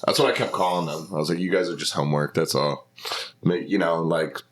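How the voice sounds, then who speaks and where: A man telling casual podcast stories, animated, acting out other people's lines in shifting voices. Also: deep voice, fairly quick, slight background noise. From Philadelphia. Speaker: stand-up comedian.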